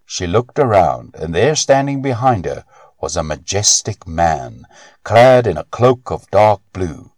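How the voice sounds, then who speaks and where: Deep-voiced expressive male storyteller. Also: dry recording, studio quality. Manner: expressive, unhurried reading. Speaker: narrator. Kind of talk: storybook narration.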